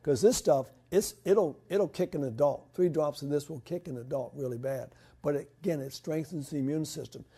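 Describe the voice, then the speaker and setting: A man answers questions about home remedies in a practical, rambling way. His voice is mellow and sits a little high, and he often restarts his sentences. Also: normal speed, few pauses, slightly rough. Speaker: health lecturer.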